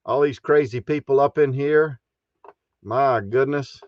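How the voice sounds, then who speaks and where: A man's voice: medium pitch, a little slow, a little mellow, dry recording, highs cut off. A man hosting a casual live stream from his RV, folksy and chuckling often as he greets viewers. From Texas.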